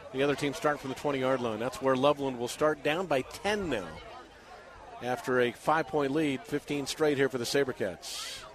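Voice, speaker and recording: A middle-aged man calling a high school football game live for radio from a packed outdoor stadium, building to shouts on big plays. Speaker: radio play-by-play announcer. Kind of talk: live sports play-by-play commentary.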